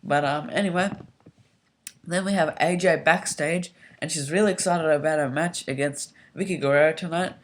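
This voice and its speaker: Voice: mid-range voice, moderate pace, a little hiss or hum. Rambling YouTuber recapping a wrestling show. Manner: rambling, hesitant, heavy on um and like; excitable, gets loud when worked up. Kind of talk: casual spoken show recap.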